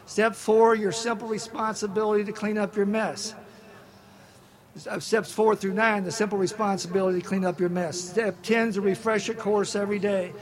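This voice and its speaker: A man sharing his recovery story at a meeting, folksy and animated, quoting other people in character. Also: high voice, moderate pace. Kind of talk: storytelling share to an audience. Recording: live talk with crowd. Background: audience laughter.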